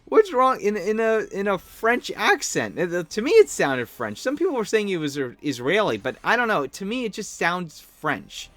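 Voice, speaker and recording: Man, solo podcast host, lively animated pitch, excitable, laughing, recovering from a cold. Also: normal speed, hardly any pauses, no room sound. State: getting over a cold. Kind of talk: casual solo podcast commentary.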